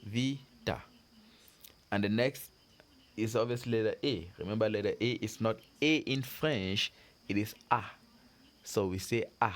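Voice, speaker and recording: A man teaching French pronunciation to learners, repeating words and giving patient encouragement. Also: medium pitch. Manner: drills words slowly with repetitions. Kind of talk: slow pronunciation lesson.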